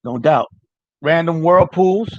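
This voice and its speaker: A man's voice: fairly high pitch, slow, no room sound. A man hosting a casual livestream chat, rambling loosely and swearing often while answering viewers. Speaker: livestream host. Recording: dry, dull lo-fi mic.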